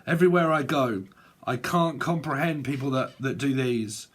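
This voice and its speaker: A man's voice: mid-range voice, unhurried, breathy edge. A man giving a casual tarot reading, rambling and swearing, often breaking into laughter. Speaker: tarot reader.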